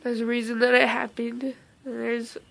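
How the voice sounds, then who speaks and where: In this casual storytime vlog, a young woman sounds on the verge of tears, stumbling over fillers and starting sentences again. There's a gravelly fry in her somewhat high voice, and her tone stays flat and narrow.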